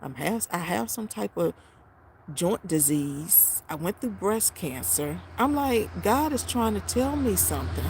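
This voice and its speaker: Gravelly-voiced woman in her fifties, rambling. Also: medium pitch, animated, measured pace, noisy background. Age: 50s. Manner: rambling, emotional, heartfelt. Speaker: vlogger. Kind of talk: unscripted casual vlog.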